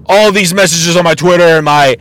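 A man's voice: a little high, a little fast, a bit bright. A man hosting a casual solo podcast, ranting bluntly and mockingly with plenty of swearing. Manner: mocking and exasperated. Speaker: podcast host.

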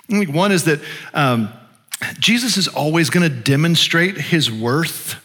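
A man's voice: fairly high pitch, fairly bright tone. A man preaching a sermon as pastor, talking casually with plenty of fillers and restarts. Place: church sanctuary. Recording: long hall reverb.

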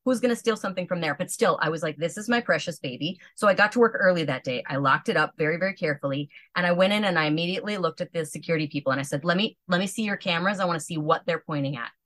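A woman in her thirties tells a long story in a low, fairly deep voice. She is animated and full of "like" fillers, and she acts out the people she quotes. The sound is dry and close. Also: rapid-fire, hardly any pauses, no room sound. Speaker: podcast guest. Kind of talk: casual storytelling chat.

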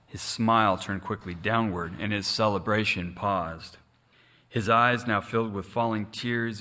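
A man narrating a rhyming storybook in a measured, expressive way. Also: on the low side.

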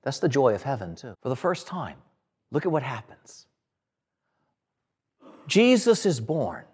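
A man preaching a sermon in a slow, dramatic way, with long pauses and phrases that fall away at the end. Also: mid-range voice, big pitch swings, a little mellow, slightly rough. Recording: long hall reverb.

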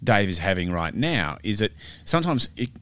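A man's voice: on the low side, big pitch swings, normal speed, fairly bright tone. A man co-hosting a podcast interview, speaking casually and agreeably. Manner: casual, agreeable with short backchannels. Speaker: podcast co-host.

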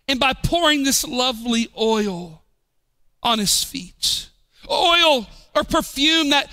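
A man preaching a sermon as pastor, swinging from shouted emphasis to low, quiet drops. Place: church.

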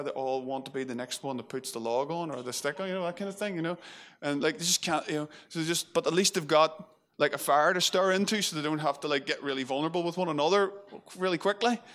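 A man's voice: a little high, fast talker, hardly any pauses, a bit bright. A man preaching a sermon in a conversational way, full of fillers and restarts. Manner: conversational, with many fillers and restarts, acting out quotes.

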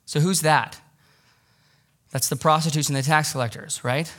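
A man pastor preaching a sermon, animated, acting out quoted voices and repeating for emphasis. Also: a little high, normal speed, long pauses.

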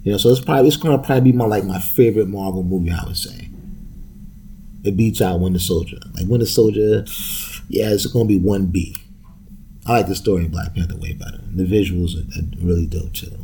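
A man's voice: low-pitched, brisk, dark tone, slight background noise. A man hosting a solo podcast, talking in a loose, profane, rambling way and laughing often. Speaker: podcast host. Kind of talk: casual solo podcast rant.

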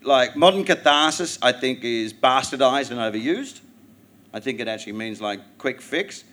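A man with an Australian accent, a guest comedian talking animatedly and with plenty of swearing while he tells stories in a live podcast interview. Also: medium pitch. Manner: animated, profane storytelling. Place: theatre stage before a live audience.

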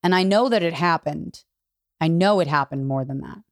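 A woman comedian, a podcast guest, talking candidly and profanely in an animated storytelling way. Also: low voice, normal speed, dry recording, studio quality. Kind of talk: casual podcast conversation.

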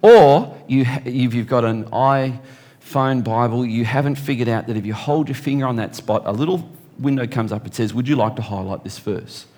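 A man preaching a sermon, reading scripture slowly and deliberately and slipping in joking asides. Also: medium pitch, darkish tone.

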